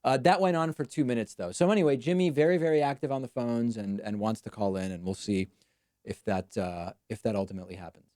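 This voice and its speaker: A man hosts a live stream, chatting casually and making dry, wry remarks. His voice is mellow and mid-pitched, and the recording is close and dry. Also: fast, no room sound.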